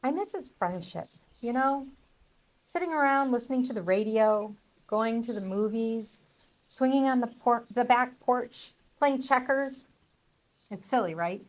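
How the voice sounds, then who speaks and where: A lonely, kind-hearted farm wife, as a woman acts her out in a radio play. Her voice sits somewhat high, and her manner is earnest and gentle, easily flustered. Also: expressive, a little slow. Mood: wistful.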